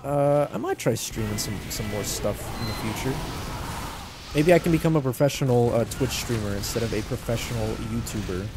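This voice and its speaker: A man's voice: medium pitch, brisk, noisy background. Rambling, joking man over game gunfire. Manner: rambling, self-deprecating and joking. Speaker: YouTuber. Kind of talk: casual gameplay commentary.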